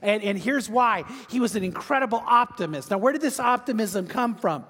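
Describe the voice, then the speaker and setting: Male pastor, sermon, animated storyteller, very high voice, long hall reverb. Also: brisk, husky. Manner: animated storytelling, repeats words.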